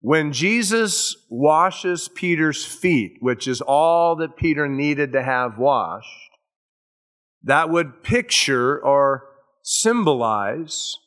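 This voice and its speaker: A man's voice: a little high, a bit bright. A man preaching a verse-by-verse sermon, earnest, rising and falling in volume and acting out quotes in casual modern words. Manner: slow, earnest preaching that rises and drops in volume. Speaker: pastor. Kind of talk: sermon, verse-by-verse Bible teaching.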